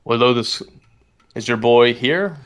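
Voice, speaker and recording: A man's voice: mid-range voice, takes it slowly, fairly bright tone, clear, resonant tone. A man playing a tabletop game, talking casually and hesitantly, with small fillers. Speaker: player.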